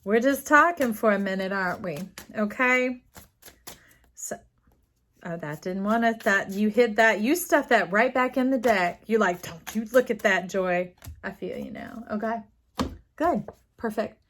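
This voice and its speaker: A woman doing an intuitive tarot reading, chatting to the listener directly and drifting into lively stories. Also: a little high, unhurried, a little hiss or hum. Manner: chatty, warm-hearted, digressive storytelling with animated quoted voices; addresses listener directly as y'all and love. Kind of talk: casual spiritual tarot reading.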